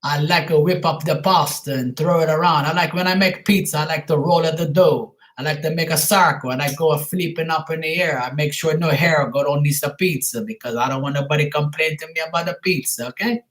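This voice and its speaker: A man's voice: on the high side, brisk, hardly any pauses, a bit bright, natural voice. A man voicing a boastful Italian pizza cook in jokey broken English with a put-on Italian accent.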